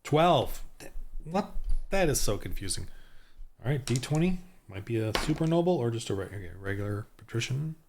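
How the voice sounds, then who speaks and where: A man's voice: medium pitch, big pitch swings, a little mellow, slight background noise. A man thinking aloud as he rolls dice and builds town characters for a tabletop game, muttering and restarting often. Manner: muttering to himself, halting, many restarts. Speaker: solo tabletop game designer.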